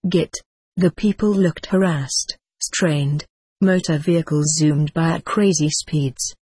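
A reader narrating a memoir-style audiobook in a measured, reflective way. The voice is husky and mid-pitched, recorded dry and close. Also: steady tone, darkish tone, no room sound. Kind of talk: scripted first-person narration.

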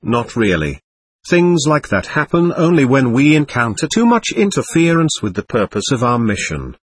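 An aloof young woman in her twenties, calm and evasive, who answers everything matter-of-factly, as a male storyteller reads her lines. The voice is husky, with a lively lilt, recorded close and dry with no room sound. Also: mid-range voice, normal speed, dry recording.

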